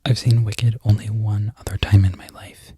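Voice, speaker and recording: A man in a whispered ASMR ramble who loses his train of thought and laughs softly at himself. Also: lowish voice, flat delivery, normal speed, husky. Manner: mostly unvoiced whisper. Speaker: crochet content creator.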